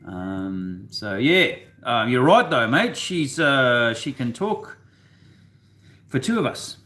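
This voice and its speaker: A man co-hosting a casual chat, rambling and halting, with many fillers and restarts. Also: medium pitch, big pitch swings, fairly bright tone. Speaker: co-host.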